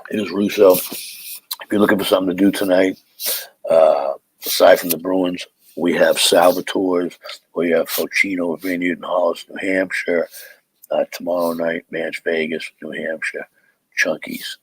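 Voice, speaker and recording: Middle-aged comic host, deep husky voice, dry close sound, loose stop-start storytelling. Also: male voice, flat delivery, moderate pace, dry recording, low-quality recording. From Boston area, USA. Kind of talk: casual live podcast chat.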